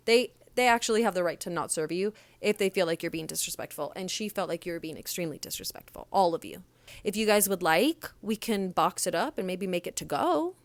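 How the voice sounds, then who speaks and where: A woman's voice: medium pitch, no room sound. A young woman who works in restaurants and once managed one hosts a podcast and talks in a blunt, sassy way. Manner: blunt, sassy storytelling with lively quoted voices. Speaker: podcast host, restaurant server and former manager. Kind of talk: casual solo podcast monologue.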